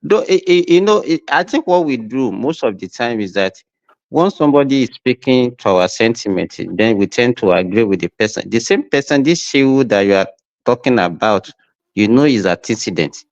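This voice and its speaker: A man's voice: mid-range voice, expressive, normal speed, dry recording, lo-fi sound. A man on a talk show panel, challenging another guest and hesitating with "eh". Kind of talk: live talk show discussion.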